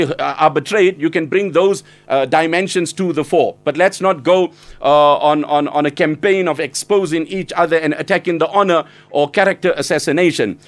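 In a slightly high voice, a man delivers an earnest, urgent Islamic sermon, exhorting his listeners and breaking into quick Arabic recitation.

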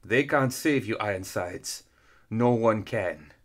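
A man voicing a furious fiery female angel warrior, booming and commanding with slow, drawn-out words. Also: lively intonation, lightly acted. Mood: menacing. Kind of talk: audiobook character voice.

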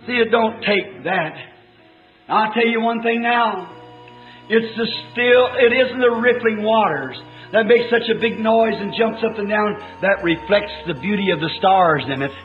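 A fervent preacher with a high, ringing voice, dropping to hushed lows and then rising into sudden shouts. The old recording is thin and phone-like, echoing through a large meeting hall. Faint music sits underneath. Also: male voice. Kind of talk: sermon. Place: church meeting.

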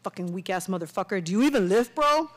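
A woman's voice: mid-range voice, expressive, quick pace, close to an everyday voice, poor audio. A woman voicing a brash, crude young man who trash-talks a former classmate with swagger and profanity. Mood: taunting.

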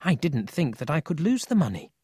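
A man's voice: sing-song, a little fast, darkish tone, slightly rough, no echo, studio quality. Emil, an upset insistent boy, as a man puts him on. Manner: high, pleading, emphatic.

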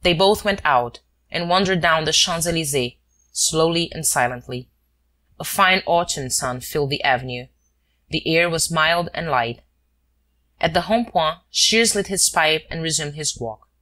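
A woman narrating a classic story as an audiobook in steady storytelling. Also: sits low, unhurried. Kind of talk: scripted narration.

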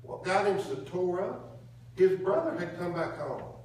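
Preacher guy, folksy and down to earth, slightly high voice, echoey church picked up from across the room. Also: animated, measured pace, far from the mic, a little hiss or hum. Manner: folksy, colloquial preaching with call-and-response. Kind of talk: sermon. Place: church sanctuary.

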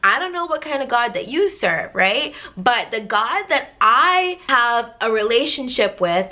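Bright-voiced emphatic woman life coach. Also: fairly high pitch. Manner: emphatic, repetitive, direct. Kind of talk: motivational talk to camera.

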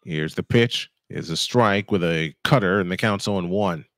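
A man in his fifties doing live fan play-by-play of a baseball game, goofy and chatty between pitches, correcting himself as he goes. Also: normal speed, fairly bright tone, no room sound, clean studio sound. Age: 50s. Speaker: play-by-play announcer.

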